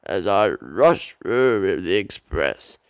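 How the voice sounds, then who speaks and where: A man voicing a big, proud male steam engine in a storybook, loud and boastful, grumbling when things go wrong. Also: sits low, very animated, slow, clean tone, dry recording, lo-fi sound, pitched below the performer's own voice, full character voice.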